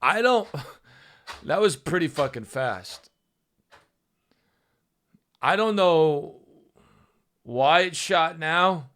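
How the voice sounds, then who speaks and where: A man's voice: fairly high pitch, expressive, very slow, long pauses, a bit bright. A man live streaming who stammers, swears a lot and sounds frustrated.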